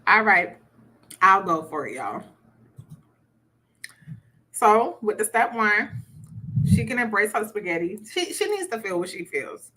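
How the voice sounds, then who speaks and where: A woman's voice: medium pitch, big pitch swings, a little slow, pauses often, bright, forceful tone. A woman teaching a conversational relationship workshop, chatty and repeating words for emphasis. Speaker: relationship coach.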